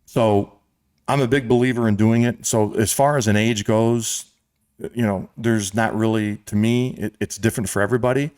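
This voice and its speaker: An American man hosting a casual sports talk show, telling a long story with lively quoted voices. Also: lowish voice, normal speed, dry recording, studio quality. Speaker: show host and club president. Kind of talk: storytelling in casual podcast chat.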